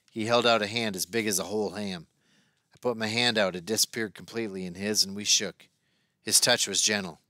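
A man reading an audiobook aloud in a steady, expressive narration. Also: lowish voice, brisk, dry recording, studio quality. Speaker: audiobook reader.

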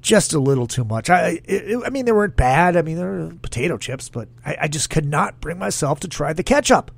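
A man's voice: on the high side, animated, a little fast, gravelly, slightly rough. A man hosting a casual solo podcast, rambling in a crude, jokey way and reading listener comments aloud. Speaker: podcast host.

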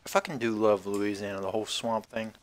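A man's voice: fairly low pitch, steady tone, a little fast. A man giving casual let's-play commentary while gaming, rambling and wisecracking with plenty of swearing. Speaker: gameplay commentator.

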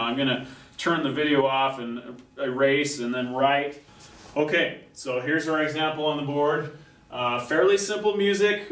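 A man teaching a music class, patiently explaining and chanting rhythm syllables at a chalkboard. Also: mid-range voice. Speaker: music instructor. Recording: echoey classroom, distant mic, faint noise.

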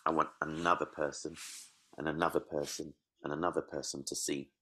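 Male comedian guest, extremely low voice, lively storyteller who acts out other people's lines. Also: fairly quick, slightly rough. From East London. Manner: animated storytelling, acts out quotes. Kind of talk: casual interview.

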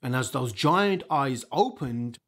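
A man telling a folk tale to children in a lively, animated way, inviting the audience to join in with voices and sounds. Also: mid-range voice, slow pace. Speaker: storyteller. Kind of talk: interactive children's storytelling.

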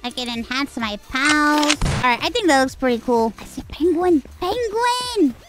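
A woman streamer giving excitable live commentary on a game she is playing, squealing, swearing and cooing cutely at creatures. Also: high voice, moderate pace. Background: game music.

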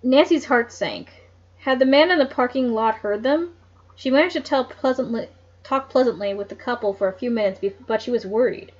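A woman reads a mystery novel aloud at home and breaks off for chatty, joking asides. Her voice sits fairly high. The recording is dull and lo-fi, like a home microphone. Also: a little fast. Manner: chatty asides, laughs at the story. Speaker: narrator. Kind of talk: reading a book aloud.

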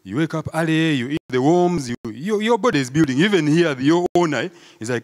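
A man's voice: a little high, fairly quick. Ugandan man doing stand-up comedy. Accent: Ugandan English. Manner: animated storytelling, acts out crowd voices, peppered with "eh?". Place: live comedy show before an audience.

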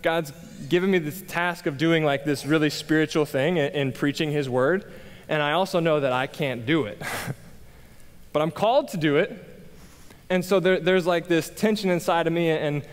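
A man's voice: a little high, moderate pace, smooth, in a large hall. A young adult man preaching a candid, conversational sermon, self-deprecating and full of fillers and restarts. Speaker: pastor.

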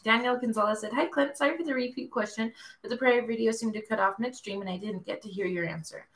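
A woman co-host reading viewer questions aloud in a soft manner, with brief reactions. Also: fairly high pitch, quick pace. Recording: distant, quiet voice away from the mic.

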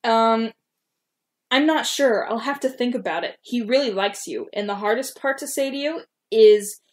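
A woman's voice: a little high, normal speed. A woman co-hosting a podcast, casually reading her old fan fiction aloud and stopping to comment on her own writing. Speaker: podcast co-host.

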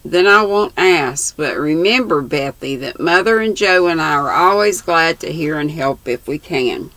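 A woman's voice: sits low, lively intonation, unhurried, fairly bright tone. An older woman voicing Jo, a spirited, caring young woman, in a storybook reading. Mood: tender.

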